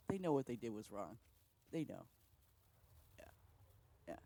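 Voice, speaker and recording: In a very deep, sing-song, slightly mellow voice, a woman speaks at a measured pace with long pauses. She chats casually on a livestream while playing a farming game, telling rambling stories with frequent laughter and self-interruptions.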